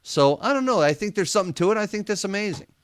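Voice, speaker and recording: A paranormal investigator, a man with a medium-pitched, smooth voice, talks fast as a guest on a radio interview. He tells his story with a lively, swinging rise and fall, laughing often and acting out what other people said. The studio recording is close and dry.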